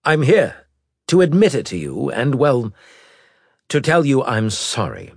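A man voicing a tall, haughty aristocratic earl with a lofty, formal manner, pitched well above his own deep, husky voice and louder. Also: huge pitch swings, a little slow, no echo, studio quality, full character voice. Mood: contrite.

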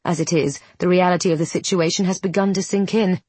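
A woman narrating a story in a measured, descriptive reading. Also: fairly low pitch, steady tone, darkish tone, slightly rough, no echo. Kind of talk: scripted narration.

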